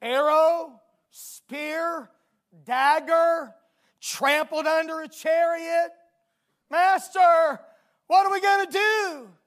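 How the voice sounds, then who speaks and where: A preacher voicing a frightened male servant who pleads with his master, speaking high and frantic. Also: fairly even intonation, drawn-out words, a bit bright, heavily acted. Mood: panicked. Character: panicked male servant of a prophet.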